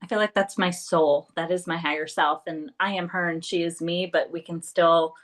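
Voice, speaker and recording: Woman co-host, warm-hearted encourager, slightly low voice. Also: steady tone, normal speed. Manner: agreeable, sincere, encouraging. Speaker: podcast co-host. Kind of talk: casual spiritual chat.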